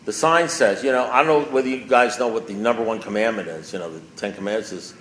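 A man's voice: lowish voice, fast talker, few pauses, a bit bright. A man giving a speaker talk at a recovery meeting, emphatic and repetitive, hammering his points home with rising force. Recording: echoey room with faint background noise.

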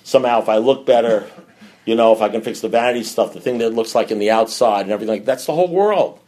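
A middle-aged man speaking candidly to a recovery group, blunt and profane, with loud bursts and low mutters. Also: fast.

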